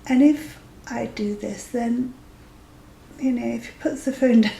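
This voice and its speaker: A woman's voice: fairly high pitch, unhurried, vocal fry, warm tone, roomy sound, a little hiss or hum, poor audio. A woman in her fifties telling a dating story in a chatty, amused way, sometimes dropping to a whisper for asides. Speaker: vlogger sharing dating stories. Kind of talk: casual anecdotal storytelling.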